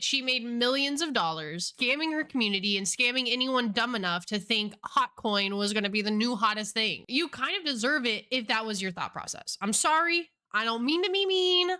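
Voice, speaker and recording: A woman's voice: on the high side, bright, forceful tone, smooth. A young woman hosting a casual commentary video, blunt and full of "like" fillers. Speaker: commentary channel host.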